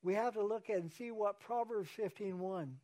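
A man's voice: high voice, moderate pace, dark tone. A man, a pastor, preaching an earnest sermon and repeating key phrases for emphasis.

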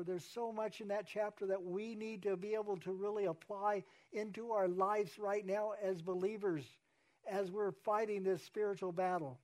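A man's voice: high-pitched, a little mellow. A man, a pastor, preaching an earnest sermon and repeating key phrases for emphasis.

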